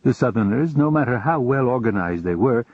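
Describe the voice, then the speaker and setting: Casting: calm male storyteller, husky, dry dull lo-fi recording. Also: medium pitch, brisk, no echo. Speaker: audiobook narrator. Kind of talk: audiobook narration.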